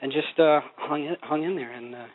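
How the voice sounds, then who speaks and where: A man's voice: on the high side, brisk. A middle-aged man from Oklahoma, a voice actor guest, talking in a rambling, laid-back way with many restarts. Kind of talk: casual interview. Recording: dry, tinny phone-line sound.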